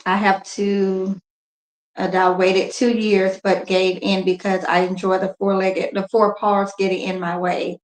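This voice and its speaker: A woman's voice: medium pitch, level tone, unhurried. A woman in her forties talking candidly and emotionally to her viewers while grieving, her voice subdued. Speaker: couponing vlogger. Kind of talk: casual live chat with viewers. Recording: echoey room.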